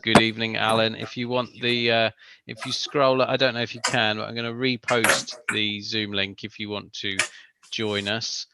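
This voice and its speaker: A man's voice: on the low side, flat delivery, normal speed, gravelly, heavy background noise. A man hosting a live build-along stream, chatty and greeting viewers as they join. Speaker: stream host and co-presenter. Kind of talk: casual live-stream chat.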